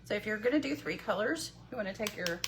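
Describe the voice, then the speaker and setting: A woman's voice: medium pitch, expressive, quick pace, very noisy. A woman running a live-streamed makeup tutorial from her home, talking in a chatty conversational way with frequent fillers. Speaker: makeup instructor. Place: home with construction going on.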